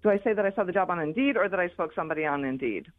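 A woman's voice: on the low side, animated, racing, no room sound. A woman appearing as a career expert guest on a radio show, speaking thoughtfully and often restarting her sentences. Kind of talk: radio call-in chat. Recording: tinny phone line.

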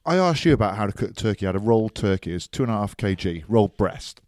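Lowish guy chatting rugby on a podcast, jokey banter, dry close sound. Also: lively intonation, quick pace, darkish tone, no room sound. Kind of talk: casual chat.

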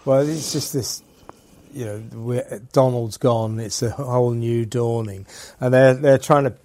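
A man's voice: mid-range voice, steady tone, measured pace, a little mellow, no echo. A man on a talk show panel, blunt and dismissive. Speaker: panel guest. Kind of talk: opinionated chat.

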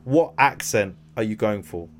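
A man's voice: fairly low pitch, expressive, measured pace, slight background noise. A man hosting a laid-back podcast. He teases his guest with playful, swear-laced banter and loose, rambling questions. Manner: playful teasing, swears freely. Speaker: podcast host. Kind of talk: casual podcast chat.

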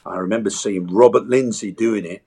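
A man's voice: fairly low pitch, normal speed. A man, an actor chatting as an interview guest and acting out quotes as he tells stories. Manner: animated storyteller, acts out voices and quotes. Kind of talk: casual interview chat.

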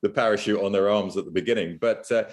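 A man's voice: fairly low pitch, fast. A man, a historian guest on a film podcast, talking knowledgeably with frequent fillers. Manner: knowledgeable, fills gaps with uh and you know.

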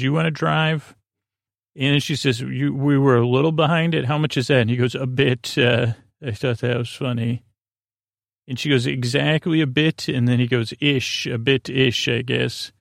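Gravelly flat-voiced man recapping drowsily. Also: no echo, studio quality. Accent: Upstate New York. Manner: halting, many "uh"s and restarts, low-key. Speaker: podcast host. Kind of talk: sleepy recap of a TV episode.

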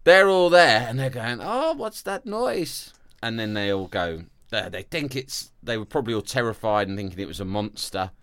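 A man co-hosting a comedy podcast who tells crude, animated stories, recorded in a small cupboard. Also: lowish voice, a little fast, hardly any pauses, clear, resonant tone, dry recording. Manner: crude, animated storytelling with swearing. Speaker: podcast co-host. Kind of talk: casual comedic chat.

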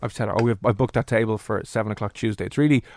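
Fast-talking Irish radio host. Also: male voice, a little hiss or hum. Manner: animated storyteller, jumps high to act out quotes. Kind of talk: casual chat.

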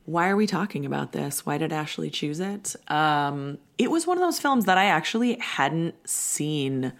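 A woman's voice: low voice, very animated, moderate pace. A woman in her thirties hosting a podcast with friends, chatty and playful, rambling in a casual way. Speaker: podcast host. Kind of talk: casual chat.

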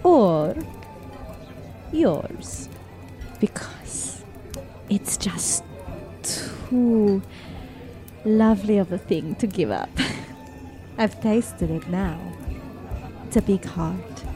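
A woman voicing a young woman, a fiancée, speaking softly and intimately, sometimes near a whisper. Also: medium pitch, animated, very slow, pauses often, faint music behind. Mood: whispery.

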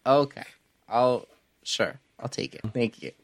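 A man's voice: medium pitch, no echo. Joking man playing a tabletop game. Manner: joking, halting. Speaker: player.

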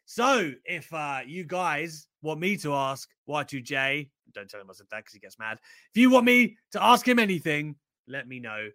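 A man co-hosting a wrestling news show, loud and jokey, swinging between shouts and mutters. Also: on the high side, sing-song, normal speed, dry recording, studio quality. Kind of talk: energetic casual banter.

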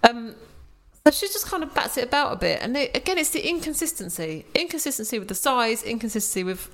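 A woman's voice: on the high side, sing-song, quick pace, fairly bright tone. A woman co-hosting a podcast, chatting casually about a film, with frequent ums and laughter. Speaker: podcast co-host. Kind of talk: casual movie review chat.

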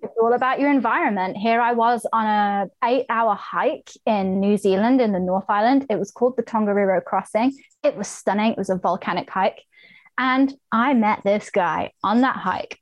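A woman's voice: medium pitch, moderate pace, no room sound. A young woman, talking earnestly and reflectively as a podcast guest. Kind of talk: casual interview talk.

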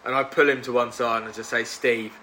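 A man's voice: mid-range voice, flat delivery, fast talker, sharp tone, a little hiss or hum. A man hosting a casual podcast chat with his mates, telling a story and acting out what people said. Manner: chatty storyteller, acts out quotes. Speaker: podcast host.

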